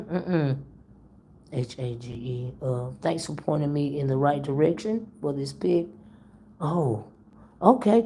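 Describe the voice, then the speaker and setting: A woman's voice: low-pitched, vocal fry. A woman hosting a casual gossip livestream, chatting to her viewers, laughing often and drawing out her exclamations, her voice still worn from being sick. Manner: animated, laughing, drawn-out exclamations. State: voice worn from illness. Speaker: livestream host reading chat.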